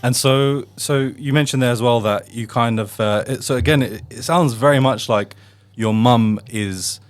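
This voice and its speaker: A man's voice: mid-range voice, normal speed. A man hosting a podcast who reflects on his guest's story in a casual way, thinking aloud with restarts. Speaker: podcast host. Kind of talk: casual interview chat.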